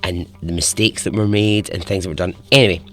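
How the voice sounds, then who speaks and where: A man's voice: low voice, brisk, a bit bright, faint music behind. A man hosting a podcast, telling a story in a chatty, informal way, chuckling often and swearing casually. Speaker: podcast host.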